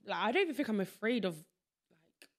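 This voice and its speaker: A young London-accented woman hosts a podcast, rambling through stories in casual chat and laughing easily. Her voice sits at medium pitch with big swings, and she talks fairly quickly.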